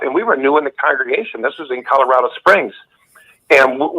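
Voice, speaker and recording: A man's voice: medium pitch, a little fast, pushed and bright, slightly rough. A man calling in to a talk show, telling rambling stories with restarts. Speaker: caller. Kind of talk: casual chat. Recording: tinny phone line.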